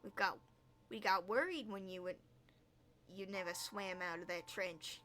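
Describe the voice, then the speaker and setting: A woman's voice: mid-range voice, unhurried, sharp tone. A woman voicing a mischievous sea tormentor with a mocking, sing-song manner.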